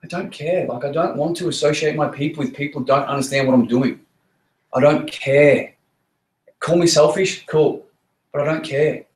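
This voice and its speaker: A man's voice: a little high, brisk, darkish tone. A man giving a blunt, swearing motivational talk to his team in a meeting room, hammering points with repetition. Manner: blunt, repetitive, swears freely, punchy emphasis. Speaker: network marketing team leader. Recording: roomy echo.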